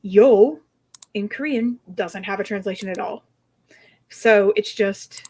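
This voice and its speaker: A woman's voice: mid-range voice, takes it slowly, a little mellow, breathy edge. A young adult woman chatting casually, telling stories with laughter and playfully teaching foreign phrases. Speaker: streamer chatting with a co-host. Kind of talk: casual chat.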